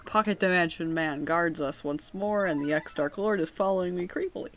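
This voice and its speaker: A woman's voice: fairly low pitch, normal speed. A woman giving casual, joking commentary as she plays a video game, often laughing and reading game text aloud. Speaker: video game let's player.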